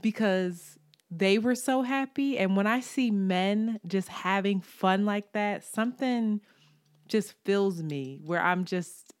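A woman co-hosting a podcast, telling stories in a casual chat, animated and laughing often. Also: mid-range voice, slow pace, dry recording, studio quality. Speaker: podcast co-host.

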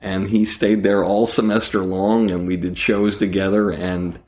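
A comedian telling a story in conversation, acting out scenes with frequent restarts. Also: male voice, low-pitched, measured pace. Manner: animated, acts out scenes, trailing restarts.

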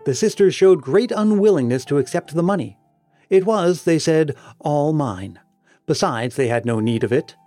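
A man reading a story aloud as narrator, in a measured way that slows for emphasis. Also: fairly high pitch, lively intonation, mellow, soft background music. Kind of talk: audiobook narration.

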